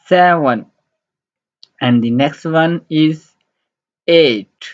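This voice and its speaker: A man teaching a beginner language lesson, speaking deliberately in simple, halting English and repeating each word several times. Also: on the high side, lo-fi sound. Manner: simple, halting non-native English phrasing.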